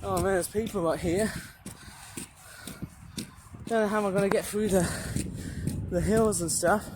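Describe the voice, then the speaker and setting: Excitable guy vlogging outside, high voice, out of breath, loud wind and outdoor noise on the camera mic. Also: a little slow. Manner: excitable, exclaiming often. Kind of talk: casual outdoor vlog narration. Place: outdoors in a park near an airport.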